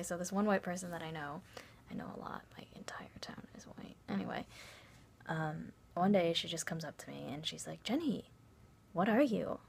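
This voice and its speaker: Deadpan woman with a gravelly low voice. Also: a little hiss or hum. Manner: deadpan, dry, drops into whispers, dramatic asides. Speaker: vlogger. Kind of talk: comic storytime monologue.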